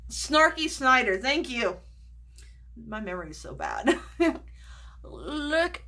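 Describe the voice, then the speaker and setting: A woman's voice: high-pitched, sing-song, slow pace, gravelly, long pauses, pushed and bright. A woman chatting casually in a makeup vlog, gushing over products, swearing freely and dropping into whispers. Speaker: beauty vlogger.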